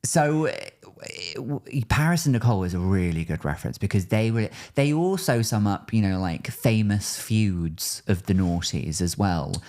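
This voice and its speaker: Very low-voiced woman hosting a chatty podcast. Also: expressive, normal speed, mellow. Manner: chatty, giggly, rambling storyteller. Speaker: podcast host. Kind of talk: casual chat.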